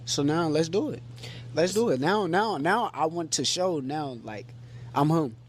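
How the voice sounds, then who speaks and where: A man answering questions in an interview clip, relaxed, cocky and mock-weary. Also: on the high side, measured pace, slight background noise.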